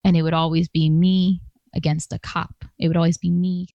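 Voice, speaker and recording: Her voice sits on the low side, mellow, with a flat delivery at a moderate pace. This master's-educated woman tells an audience a personal story, conversational and emphatic, acting out quoted voices. There's no room sound, and the highs are cut off.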